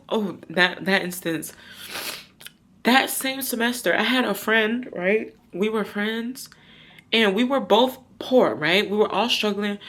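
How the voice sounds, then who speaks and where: A woman's voice: mid-range voice, a bit bright. A woman in her thirties vlogging outdoors, telling a rambling, confiding personal story. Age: 30s. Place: outdoors, windy.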